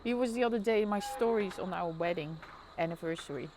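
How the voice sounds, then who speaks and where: A woman's voice: lowish voice, fast, noisy background. A woman with a Dutch accent chatting casually on a live stream, narrating the street below her apartment window. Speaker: live vlogger.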